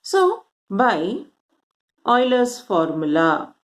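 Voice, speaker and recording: Slow, lively maths teacher woman. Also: fairly high pitch. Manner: explains step by step, counts aloud, asks rhetorical questions. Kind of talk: classroom lesson.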